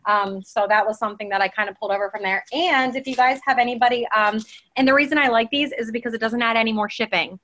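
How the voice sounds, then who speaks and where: A woman's voice: medium pitch, fairly bright tone. A woman chatting casually on a team call, rambling with lots of fillers and restarts as she shares tips. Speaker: team member sharing tips.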